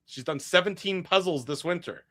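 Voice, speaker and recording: A man's voice: high-pitched, animated, normal speed, fairly bright tone. A man co-hosting a casual hockey post-game show, walking through goals play by play with some dry teasing.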